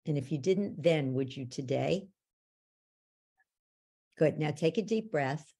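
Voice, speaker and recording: A woman coach guiding a guest through a belief exercise with direct, steady questions. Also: low-pitched, slow, slightly rough.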